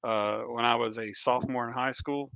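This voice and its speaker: A man's voice: mid-range voice, steady tone, normal speed, a bit bright, clean tone, no room sound. An older man from Kentucky with a Southern accent, co-hosting a casual podcast and reading viewer comments aloud in an easygoing way. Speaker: podcast co-host. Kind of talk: casual chat.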